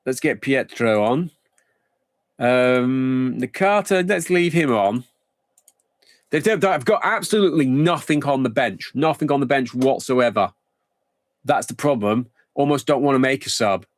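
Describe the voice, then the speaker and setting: A man's voice: medium pitch, slow, long pauses, no room sound, clean studio sound. A man streaming a football management game live, thinking aloud in a rambling, casual way.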